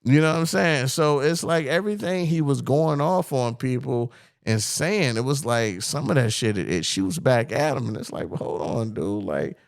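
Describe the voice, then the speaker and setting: Podcast co-host, male, lively swooping delivery, heated and profane, dry close mic. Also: mid-range voice, moderate pace, gravelly, dry recording. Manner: heated, animated, profane, reads quotes in mock voices. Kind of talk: casual argumentative chat.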